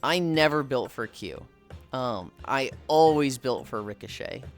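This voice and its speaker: A streamer talking in casual live-stream chat, with a voice that leaps up and down all over its range. The delivery is animated and profane, with frequent jumps into high mocking voices to imitate others. Faint music plays behind. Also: a little slow. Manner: animated, jumps into high put-on voices when quoting people; profane, joking. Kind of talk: casual chat while playing and walking.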